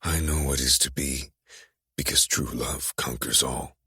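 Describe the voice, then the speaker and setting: A man voicing a brooding, tattooed young man who is possessive and menacing, speaking in a low, teasing murmur for an audiobook. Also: steady tone, a little slow, bright, forceful tone, no room sound, studio quality, full character voice. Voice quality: very deep, gravelly, husky. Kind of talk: audiobook dark romance voice acting.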